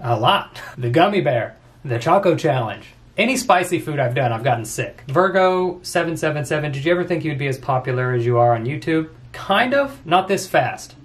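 A man in his twenties reading viewer comments aloud and answering them with quick jokes and frequent laughs, in a casual vlog. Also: fairly high pitch, animated. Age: 20s. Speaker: YouTuber answering fan questions.

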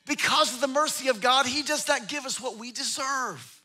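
Pastor, male, very high bright voice, emphatic sermon delivery. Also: moderate pace. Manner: emphatic, with repeated phrases and restarts.

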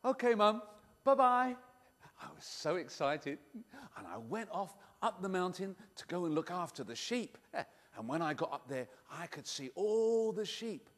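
A man from Singapore telling a story to children, taking the boy's part and swinging from hushed to shouting. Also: fairly high pitch, normal speed, long reverb tail. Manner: animated, with big swings between hushed and shouted. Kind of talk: live storytelling to children, playing the boy.

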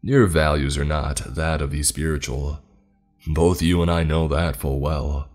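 A cold, deliberate skeleton spirit, put on by a man reading a horror story, with a remarkably deep voice. He taunts slowly, sure of his power. Faint music plays behind him. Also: fairly even intonation, darkish tone. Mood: taunting. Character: ancient menacing male skeleton spirit. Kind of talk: scripted horror story narration.

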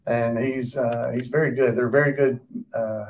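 A man's voice: medium pitch, fairly even intonation, moderate pace, darkish tone. A man from Alabama with a Southern accent, moderating a live cast Q&A in a chatty, joking way. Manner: chatty, joking, fields questions. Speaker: actor and Q&A moderator. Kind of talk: live audience Q&A.

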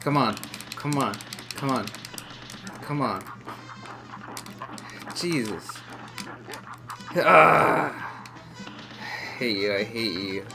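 A man giving excitable let's play commentary as a gaming YouTuber, muttering and groaning at the game. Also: fairly low pitch, takes it slowly, pauses often. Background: game music.

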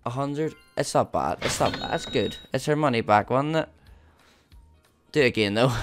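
A man doing live commentary on his slot play as a streamer, excitable and swearing often, talking to his viewers as "boys". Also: medium pitch, moderate pace, faint music behind. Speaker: gambling streamer.

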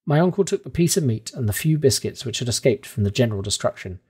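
A man reading a classic novel aloud in calm, measured audiobook narration. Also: medium pitch, husky.

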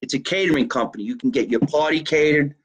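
A man hosting a casual live podcast from a basement, talking in an animated, profane way as he plugs a local deli. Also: a little high, fast talker, breathy edge, poor audio. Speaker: podcast host. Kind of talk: casual live-stream chat.

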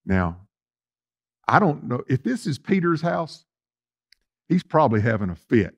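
A male pastor, preaching a sermon in a folksy way, talking straight to the congregation and swinging between loud emphasis and soft asides. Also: medium pitch, sing-song, a little slow, long pauses.

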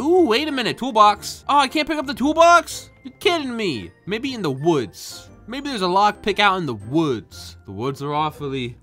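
Man, gaming commentary, jokey, lively pitch, bright tone. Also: moderate pace, few pauses, faint music behind. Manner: animated, jokey, reads game text aloud. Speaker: gaming YouTuber. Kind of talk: casual gameplay commentary.

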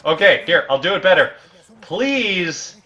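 A man riffing crudely over a co-op game, his voice bright and forceful with a lively, swooping pitch and frequent shouting. The mic sounds a little dull and lo-fi, with a faint hiss underneath. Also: normal speed. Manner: loud, crude, prone to shouting bits. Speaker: let's play host. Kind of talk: casual gameplay banter.

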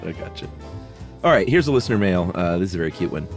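Very deep-voiced laid-back man. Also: big pitch swings, quick pace, soft background music. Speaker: podcast co-host reading listener mail. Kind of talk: casual conversational podcast.

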